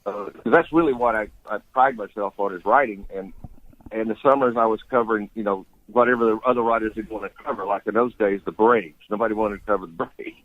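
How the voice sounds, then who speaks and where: A man with a Southern accent, a broadcaster speaking as a guest on a radio show, pausing often and restarting his sentences. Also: fairly low pitch, steady tone, dry recording, phone-quality sound. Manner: measured, with frequent restarts and fillers. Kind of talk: radio interview.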